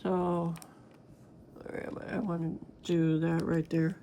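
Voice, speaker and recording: A woman in a relaxed crafting vlog, rambling through everyday stories and asking her viewers questions. Her voice is gravelly and stays fairly flat in pitch. A faint hum of noise sits under the talk. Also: takes it slowly. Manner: rambling, chatty, talks straight to viewers. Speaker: crafting vlogger. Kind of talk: casual chat while diamond painting.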